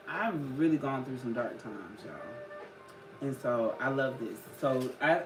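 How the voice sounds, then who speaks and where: An unhurried host speaking to viewers in a chatty, loose way during a casual live-stream card reading. The voice sits in a roomy, echoing space with clear music playing behind it. Its pitch is middling. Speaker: livestream host giving spiritual card readings. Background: clear background music.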